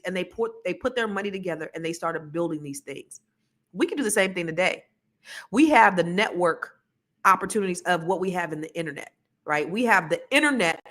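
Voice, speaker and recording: A woman hosting a podcast, talking in a casual, animated monologue full of asides and storytelling. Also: mid-range voice. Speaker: podcast host.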